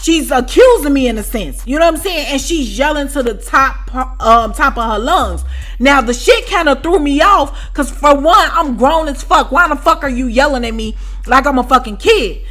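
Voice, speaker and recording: Woman vlogger telling a storytime, cursing a lot, high bright voice. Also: normal speed, soft background music. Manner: profane, animated, keeps asking "you know what I'm saying". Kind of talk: casual storytelling.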